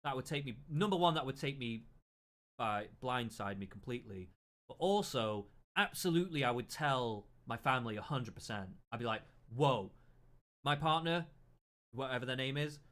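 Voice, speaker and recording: Man, casual reaction commentary, mid pitch, thinks aloud, repeats phrases, swears. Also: expressive, normal speed, fairly bright tone.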